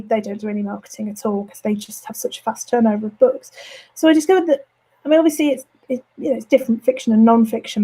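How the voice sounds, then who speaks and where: A woman with a mild Birmingham accent and flat vowels talks through an interview in a relaxed, chatty way, full of ums and restarts. Her voice sits a little high but sounds mellow and soft-edged. By now it is going slightly hoarse. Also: low-quality recording. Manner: chatty, frequent ums and self-corrections. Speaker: author. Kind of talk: casual interview chat. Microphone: home studio setup.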